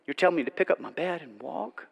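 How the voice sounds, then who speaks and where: A man voicing a paralyzed man who asks in a hushed, disbelieving way whether he can really walk. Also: fairly high pitch, lively intonation, fast, creaky, breathy edge, highs cut off, full character voice. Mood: hushed disbelief.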